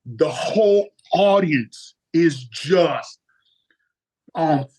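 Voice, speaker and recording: A man, a comedian, telling a profane story in a casual interview, animated and jumping up in pitch for punchlines. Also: extremely slow, slightly rough, poor audio. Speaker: guest comedian.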